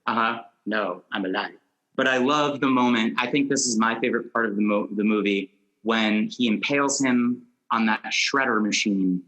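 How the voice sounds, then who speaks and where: A man's voice: mid-range voice, normal speed, fairly bright tone, highs cut off. A man hosting a casual movie podcast, asking long rambling questions and laughing often. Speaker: podcast host.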